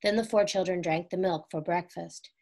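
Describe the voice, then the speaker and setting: A woman's voice: fairly low pitch, fairly even intonation, normal speed, a little mellow. Woman reading a children's story aloud. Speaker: reader. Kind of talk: storybook read-aloud narration.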